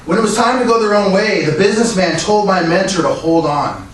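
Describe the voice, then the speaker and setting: A man's voice: high voice, a little fast, fairly bright tone. Earnest man giving a club speech. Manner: earnest, uses rhetorical questions. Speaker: Toastmasters speaker. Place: meeting room. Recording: echoey room, distant mic, faint noise.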